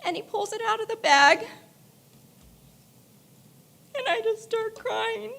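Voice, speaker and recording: Tearful woman giving a high-voiced eulogy. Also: animated, slow, pauses often, a bit bright. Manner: emotional, candid storytelling with laughter through tears. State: crying at times. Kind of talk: memorial eulogy. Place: church.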